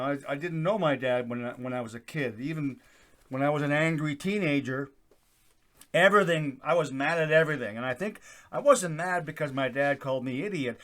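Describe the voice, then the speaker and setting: Loud, rambling man hosting his channel. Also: a little high. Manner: loud, projecting voice with frequent "uh" fillers. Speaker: YouTube channel host. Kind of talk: casual rambling monologue. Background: accordion folk music playing faintly.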